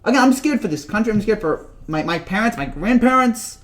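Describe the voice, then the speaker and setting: A man's voice: high voice, lively intonation, a little fast. A man vlogging about sports in a casual rant, rambling and joking and often repeating himself.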